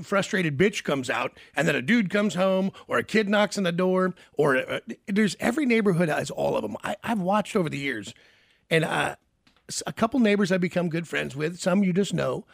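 A man hosting a casual talk show, telling crude, self-mocking stories in an animated way. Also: high-pitched, normal speed, vocal fry, no room sound, studio quality. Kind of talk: casual storytelling chat.

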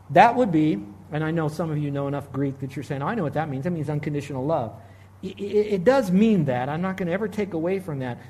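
Man, pastor, sermon, high-pitched, emphatic, deliberate, middle-aged. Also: a little mellow. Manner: emphatic preaching with slow stressed phrases and restarts.

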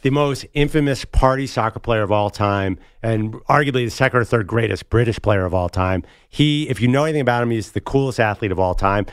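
A man's voice: mid-range voice, a little fast, hardly any pauses, clear, resonant tone, no room sound. A man co-hosting a sports radio show in the studio, joking about himself in casual banter. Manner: playful, self-mocking. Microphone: studio mic.

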